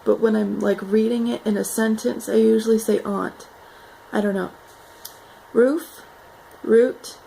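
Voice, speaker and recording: A young woman talks slowly and loosely, filling gaps with "like" and "um". Her voice is a little high but dark and mellow, with a gravelly fry at the ends of phrases. A faint hiss sits under the home recording. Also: low-quality recording. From North Carolina. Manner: relaxed, rambling, says "like" and "um" often. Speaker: vlogger. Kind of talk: casual accent challenge vlog.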